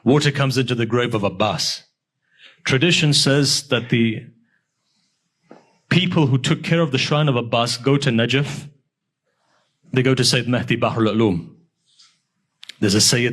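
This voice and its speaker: A man's voice: medium pitch, a little slow, long pauses, fairly bright tone, husky. A male preacher telling a mournful story in a sermon, swelling into emotional recitation.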